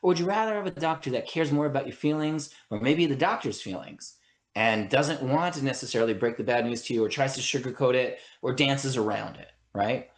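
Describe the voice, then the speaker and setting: Fairly quick and mid-range, this man's voice sounds roomy. He is an attorney and mediator speaking earnestly as a podcast guest, explaining his views while restarting sentences and tossing in frequent "right?"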